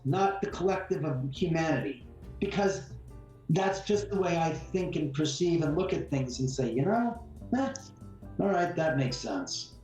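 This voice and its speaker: Talkative man in an echoey room. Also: high-pitched. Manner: talkative, animated, acts out quotes. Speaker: homeowner guest. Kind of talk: casual conversational storytelling. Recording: very echoey room, far from mic, faint music.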